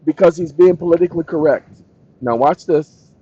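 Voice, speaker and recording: A man hosting his own channel who rambles and jokes to himself, then reads long passages aloud slowly and deliberately, speaking the punctuation. He talks. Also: a little high, mellow, breathy edge, no room sound, dull audio. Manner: slow, deliberate reading with dictated punctuation. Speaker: channel host. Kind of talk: casual solo talk, reading aloud from a screen.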